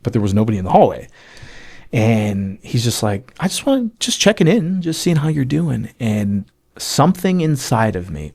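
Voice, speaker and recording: A man from the United States, guesting on a podcast, recounts a personal testimony in an emotional storytelling style, acting out dialogue and using plenty of fillers. His voice is fairly low and darkish in tone.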